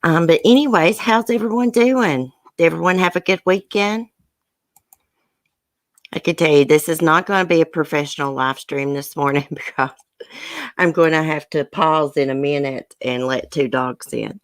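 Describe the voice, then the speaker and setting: A woman's voice: low voice, moderate pace, dry recording. A woman hosting a casual live stream, chatting with viewers by name and getting emotional as she talks. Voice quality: emotional, soft-hearted. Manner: chatty, greets viewers by name, says y'all.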